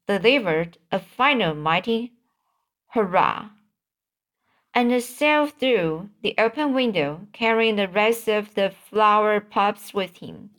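A woman reading a novel aloud, halting often, repeating words and correcting herself. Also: mid-range voice, a bit bright. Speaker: audiobook reader.

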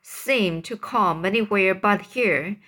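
A woman's voice: medium pitch, pushed and bright. A woman voicing a frightened man accused of murder, pleading between sobs in a storybook reading. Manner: pleading, halting.

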